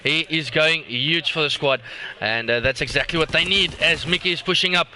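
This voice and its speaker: Very bright-voiced excitable co-caster. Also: male voice, on the high side, moderate pace. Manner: excitable, hype-driven. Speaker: esports co-caster. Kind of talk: live esports commentary.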